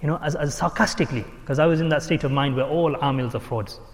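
A man's voice: fairly high pitch, fast, big-room sound. A man teaching as a religious speaker, telling stories animatedly and acting out the people he quotes, with frequent restarts. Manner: animated storyteller who acts out quoted speech, with frequent restarts. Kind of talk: storytelling sermon.

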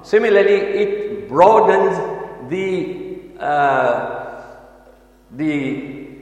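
A man gives a lecture on Quran recitation. He speaks haltingly with many fillers and restarts, mixes in Arabic and Urdu terms, and adds light humorous asides. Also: fairly high pitch. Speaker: Islamic teacher. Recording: echoey hall, voice picked up from far off.

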